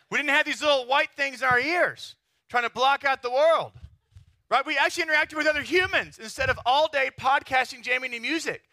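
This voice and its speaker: A pastor from Texas preaching a sermon in a lively, chatty way, often checking in with his listeners. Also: very high voice, no echo, clean studio sound. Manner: animated, chatty, keeps asking the crowd "right?".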